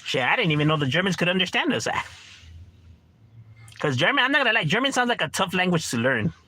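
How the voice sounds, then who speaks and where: A man from Los Angeles hosting a livestream and talking loosely and profanely with strangers. His voice sits a bit high and has a bright, tense edge. He keeps it laid-back and slangy, slipping in Spanish words. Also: sing-song, brisk. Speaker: livestream host chatting with strangers. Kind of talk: casual profane chat.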